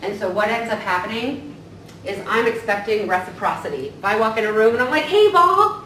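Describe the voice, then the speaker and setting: A woman counselor teaching a staff training in a relaxed, conversational way, often tagging her points with "right?". Her voice sits at an ordinary pitch for a woman. It is picked up from a distance in a large, very echoey room, with faint noise underneath. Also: a little fast. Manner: casual, tags points with "right?".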